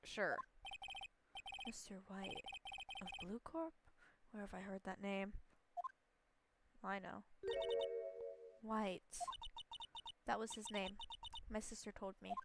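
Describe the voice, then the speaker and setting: A woman's voice: medium pitch, steady tone, takes it slowly, creaky, long pauses, heavy background noise. A young woman playing through a video game, reading dialogue aloud in a playful, giggly manner. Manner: playful, giggly, reads characters in varied voices. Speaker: gaming streamer.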